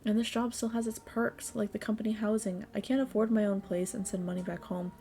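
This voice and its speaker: Woman doing a nervous young miner begging not to lose his job, slow and earnest. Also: medium pitch, fairly even intonation, warm tone, soft background music, close to an everyday voice. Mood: worried. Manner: pleading, worried. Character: young male miner, anxious about money.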